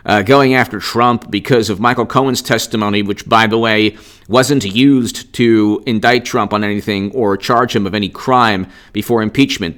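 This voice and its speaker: A man's voice: medium pitch, a bit bright. A man delivers a heated political monologue in a middle-range voice. He sounds combative and indignant, with sarcastic jabs throughout. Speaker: political commentator. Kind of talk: unscripted political commentary.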